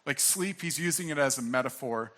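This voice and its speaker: Earnest young man preaching, bright voice. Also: mid-range voice, a little fast. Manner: earnest, conversational, many fillers and restarts. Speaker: pastor. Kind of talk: sermon.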